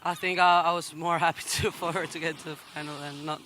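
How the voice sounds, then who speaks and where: Emotional woman athlete from the Canary Islands, near tears, halting and apologetic, tense bright tone, flat pitch. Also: a little hiss or hum. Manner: halting, apologetic, laughing through nerves. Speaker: competing athlete interviewed. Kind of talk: post-heat interview.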